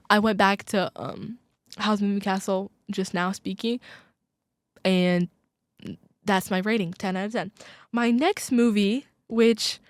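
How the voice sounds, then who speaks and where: A young woman hosts a casual college radio show, gushing about her favorite things and filling her talk with "like" and sudden asides. Her voice sits at a middle pitch, recorded close and dry in a small studio. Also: no room sound. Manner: gushing, filler-heavy, quick asides. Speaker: podcast host. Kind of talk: casual chat.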